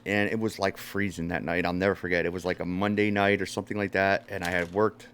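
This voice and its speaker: With a deep voice and clean tone, this man talks quickly as a podcast host telling a story in casual chat. He swears a lot and loudly acts out other people's words, animated throughout.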